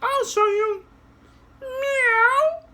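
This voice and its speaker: A man voicing an excitable little female cat puppet with a squealy, eager, bouncy manner. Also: very high-pitched, extremely slow, pitched above the performer's own voice, heavily acted. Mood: excited.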